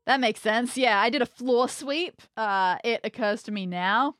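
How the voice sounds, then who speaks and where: A woman's voice: fairly high pitch, measured pace, fairly bright tone, clean tone, no room sound, studio quality. Wry, methodical woman player. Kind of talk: playing a tabletop game.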